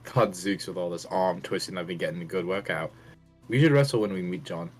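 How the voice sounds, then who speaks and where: A man performs a boisterous young adventurer with a broad put-on British accent. The voice sits low and the delivery is hammy and overeager. Faint music plays underneath. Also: fairly quick, natural voice. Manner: hammy, laughs and breaks character. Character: eager adventurous young man writing a letter.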